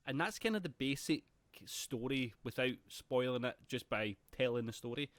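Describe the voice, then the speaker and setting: Animated young man in film chat. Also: mid-range voice, moderate pace, dry recording. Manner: animated, laughs often, acts out quotes. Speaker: podcast co-host. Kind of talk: casual film discussion.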